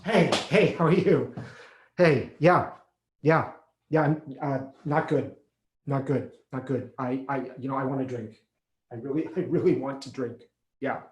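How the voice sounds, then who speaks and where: A man playing an anxious recovering alcoholic on the phone to his sponsor, halting and stammering as he repeats himself. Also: mid-range voice, darkish tone, close to an everyday voice. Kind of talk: stage monologue acting. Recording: echoey room.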